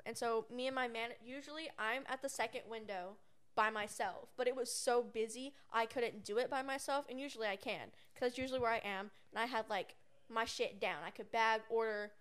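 Smooth-voiced young woman, rambling. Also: on the high side. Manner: rambling, many fillers and restarts. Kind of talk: casual storytelling chat.

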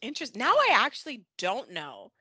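Woman, podcast co-host: high-ish, very animated delivery, acts out lines mid-recap, dry room. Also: moderate pace, husky, no room sound. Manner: animated, acts out characters' lines, laughs often. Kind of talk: casual chat.

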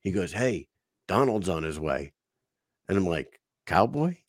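Podcast host, male, lowish voice, swears freely, animated storyteller, dry close recording. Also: a little slow, no room sound. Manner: profane, excitable storytelling. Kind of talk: casual storytelling chat.

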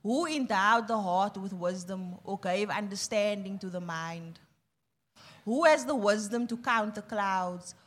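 Lady reading bible verses out loud, even and steady, mid pitch. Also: unhurried. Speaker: scripture reader. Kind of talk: reading scripture aloud.

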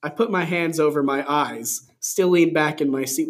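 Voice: mid-range voice, normal speed. A co-host reading a story aloud with a teasing, sarcastic edge. Asides break in between the lines as playful mockery of the text.

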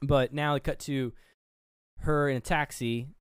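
A man with a smooth, resonant voice rambles through a movie recap for his podcast, dropping curses as he goes. The sound is close and dry, with no room around it. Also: mid-range voice, steady tone, a little slow, no room sound. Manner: rambling retelling with acted-out quotes and swearing. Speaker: podcast co-host. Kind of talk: casual movie recap chat.

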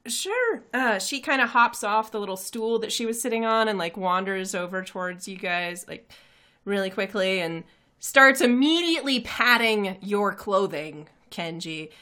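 A woman's voice: mid-range voice, normal speed, pushed and bright. A woman running a tabletop game as game master, narrating descriptively and laughing easily.

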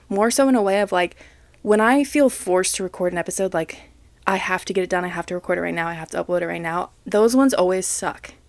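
A woman's voice: medium pitch, dry recording. Young woman, podcast host, frank rant, self-deprecating, laughs and swears, close dry sound. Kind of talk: casual solo podcast rant. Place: home, other people coming and going.

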